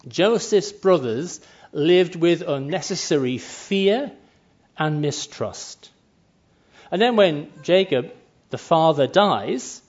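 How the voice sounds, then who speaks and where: A man preaching a conversational sermon, slipping briefly into voices for quoted lines. His voice sits a little high, and the recording sounds muffled and lo-fi. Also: a little mellow.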